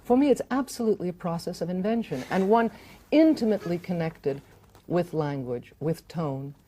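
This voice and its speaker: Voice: mid-range voice, lively intonation, moderate pace, warm tone. A writer talking reflectively about how stories begin, hesitant, with many fillers and restarts. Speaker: fiction writer and filmmaker. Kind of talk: reflective conversation about writing.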